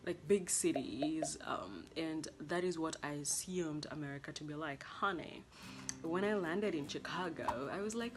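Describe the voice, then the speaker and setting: Low-voiced Kenyan woman vlogging. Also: normal speed. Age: young adult. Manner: chatty and expressive, acting out past conversations. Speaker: international college student vlogger. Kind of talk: casual vlog talk to camera.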